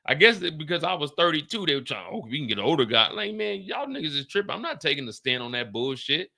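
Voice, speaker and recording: A man in his late thirties hosting a livestream, telling a story in a casual, animated and profane way and talking straight to his chat. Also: a little high, fast, creaky, few pauses. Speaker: livestream host.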